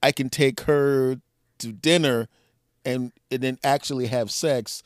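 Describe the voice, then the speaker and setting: A man's voice: mid-range voice, steady tone, a little slow, dry recording, clean studio sound. A man hosting a podcast who chats casually and jokes with his guest. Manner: joking, laughs often. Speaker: podcast host. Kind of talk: casual interview chat.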